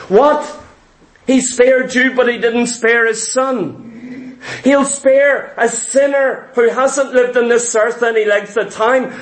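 A man's voice: extremely high pitch, low-quality recording. A man preaching a sermon, repeating key words and asking the congregation questions.

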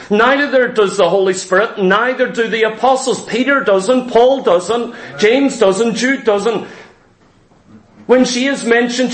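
A man preaching a sermon in a church hall, emphatic and repetitive, full of rhetorical questions. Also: sits high. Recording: roomy echo.

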